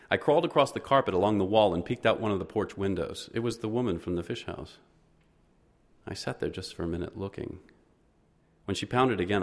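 A man with a very deep voice reads a first-person story aloud. His delivery is measured and understated, lingering on descriptive passages. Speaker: narrator. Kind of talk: audiobook narration, first person.

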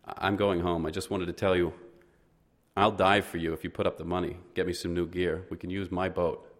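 A man's voice: low-pitched, level tone, a little fast, lightly acted. A man reading an audiobook, voicing a tough, shrewd young woman who works in a fish house, with a blunt, teasing manner. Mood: curt, businesslike.

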